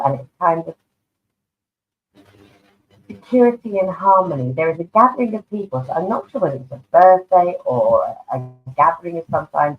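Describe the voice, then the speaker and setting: A woman reads tarot cards for viewers during a live online session. She is chatty and affectionate and calls people darling. Her voice comes through narrow and tinny, like a phone line. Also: on the low side. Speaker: tarot card reader. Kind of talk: live online card reading. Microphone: online video stream.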